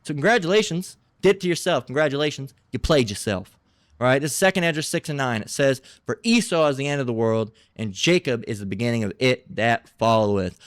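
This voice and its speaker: A man preaching from scripture, reading verses aloud and breaking into halting, combative and mocking commentary with profane asides. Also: mid-range voice, expressive, no room sound, studio quality. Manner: halting, many restarts between readings.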